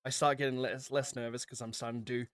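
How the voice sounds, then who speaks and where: Male player, mid voice, dry close sound, excitable. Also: mid-range voice, fast talker, clear, resonant tone, no room sound. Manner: excitable, swears at dice rolls. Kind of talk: casual game chat.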